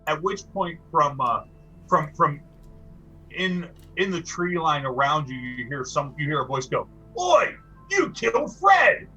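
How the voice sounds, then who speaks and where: A man's voice: fairly high pitch, steady tone, unhurried, pushed and bright, breathy edge, muffled recording, faint music behind. A man narrating as game master of a tabletop game, often stumbling and repeating words as he describes the action.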